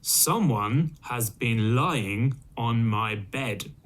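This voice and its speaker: A man voicing a big father bear in a storybook, speaking slowly and heavily. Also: mid-range voice, expressive, a bit bright. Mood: gruff.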